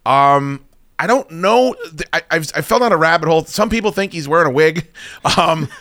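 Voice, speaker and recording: Man, podcast host, rambling, swears a lot, animated pitch, dry close studio sound. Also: normal speed, no room sound. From United States. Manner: rambling, profane, opinionated. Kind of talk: casual chat.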